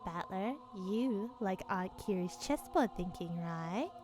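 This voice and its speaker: A woman's voice: medium pitch, expressive, a little mellow, voice pushed down. Woman voicing an eerie lecturing little girl. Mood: ominous. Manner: slow, ominous, lecturing. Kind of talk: casual visual novel read-along.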